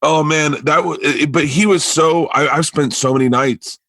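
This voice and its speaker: A man's voice: on the high side, moderate pace, no echo. A male comedian guest on a podcast, telling a story in casual chat, acting out the other people in it, with lots of restarts. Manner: animated, frequent restarts and acted-out quotes.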